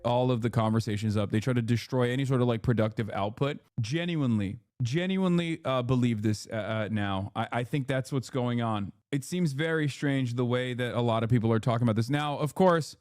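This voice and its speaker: A man's voice: mid-range voice, a little fast, few pauses, a little mellow, no room sound, studio quality. A man doing live-stream political commentary, heated and indignant, with many fillers and restarts. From United States.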